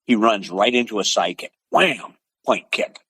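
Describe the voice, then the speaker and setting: A man in his seventies from the Pacific Northwest, a podcast guest telling animated stories in conversation, punctuated with sound effects. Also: lowish voice, a little slow, breathy edge, dry recording, rough recording. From Pacific Northwest, USA. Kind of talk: storytelling in conversation.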